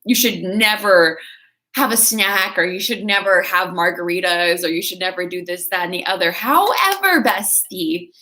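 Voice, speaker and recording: Woman, bright clear voice, casual livestream, chatty coaching tone. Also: fairly low pitch, level tone, normal speed. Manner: chatty, coaching, reads out viewer comments. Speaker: fitness creator.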